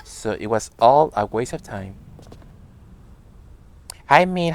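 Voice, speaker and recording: A man's voice: mid-range voice, animated, slow. A man streaming a video game, chatting casually with his viewers and reading out their messages as he plays. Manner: chatty, reads chat messages aloud and answers viewers. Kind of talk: casual live-stream chat while playing.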